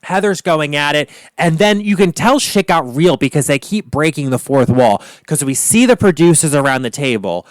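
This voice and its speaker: A man hosting a solo podcast, recapping reality TV in an excitable, profane, gossipy way. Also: on the high side, moderate pace, hardly any pauses, dry recording. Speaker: podcast host, drag queen comic. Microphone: podcast mic.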